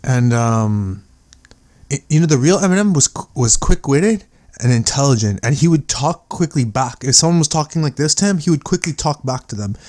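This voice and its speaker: A man talking through a casual commentary, rambling and restarting his sentences as he goes. His voice sits at an ordinary middle pitch. The sound is dry and close, with no room around it. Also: lively intonation, moderate pace, a little mellow, no echo. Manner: rambling, filler-heavy, many restarts. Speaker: conspiracy video commentator.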